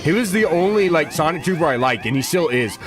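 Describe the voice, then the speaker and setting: A man's voice: fairly high pitch, lively intonation, fairly quick. A man in his twenties chatting casually to viewers while streaming a game, rambling and slangy. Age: 20s. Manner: rambling, slangy, talks to chat. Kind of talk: casual livestream chat. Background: game music.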